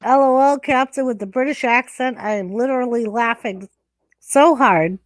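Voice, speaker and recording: A woman's voice: fairly high pitch, normal speed, no echo, clean studio sound. Crude teasing woman hosting a stream. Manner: crude, teasing, laughs often. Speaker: livestream host. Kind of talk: casual livestream chat.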